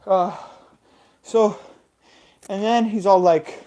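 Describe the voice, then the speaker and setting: A woman's voice: mid-range voice, mellow, a little hiss or hum. Rambling, giggly woman telling a story. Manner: rambling and giggly, with silly sound effects. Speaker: host. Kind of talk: improvised comic storytelling.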